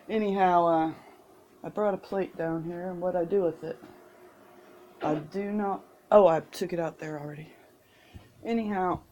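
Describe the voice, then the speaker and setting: A woman with a Midwestern accent rambles through a folksy story on her home vlog. She drifts off topic, laughs often and drawls her words. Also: fairly low pitch. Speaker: vlogger. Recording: distant mic, faint background noise.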